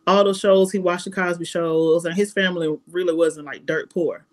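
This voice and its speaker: A woman's voice: fairly low pitch, fairly even intonation, moderate pace. A woman from Alabama with a Southern US accent, a podcast guest talking in casual conversation, blunt and emphatic, repeating words as she builds a point.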